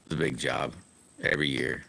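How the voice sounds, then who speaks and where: On his live stream, a middle-aged man rambles through folksy stories in casual chat, chuckling often. His very low voice is bright and sharp-edged, steady in tone, brisk and creaky.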